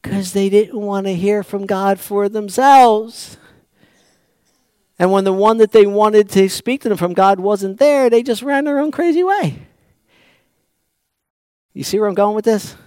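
A man with a high, smooth, resonant voice preaches a sermon, recorded dry and close. He keeps asking his congregation rhetorical questions. He swings between hushed asides and loud, emphatic stretches. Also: measured pace, pauses often, no echo. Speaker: pastor.

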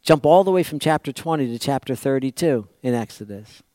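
A male pastor preaching a sermon, asking the congregation rhetorical questions and swinging from quiet asides to loud, emphatic passages. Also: mid-range voice, expressive, fairly quick, dry recording.

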